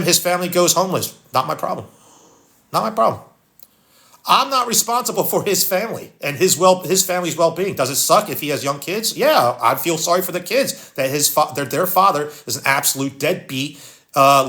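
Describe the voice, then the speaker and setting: Live-stream host, man, Philadelphia accent, higher-pitched, blunt and no-nonsense while reading comments. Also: expressive, moderate pace, vocal fry, bright, forceful tone. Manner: blunt, wisecracking, reads viewer comments aloud. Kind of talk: casual live-stream chat.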